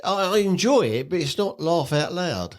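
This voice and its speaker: A man co-hosting a casual podcast chat, relaxed and warmly enthusiastic. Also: fairly high pitch, normal speed. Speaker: podcast co-host.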